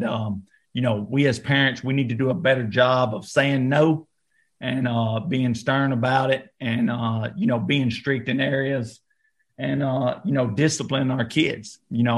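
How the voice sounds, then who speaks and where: A man with a Southern American accent, an actor talking as a podcast guest, relaxed and loose, full of fillers and restarts. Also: medium pitch. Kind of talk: interview, casual talk.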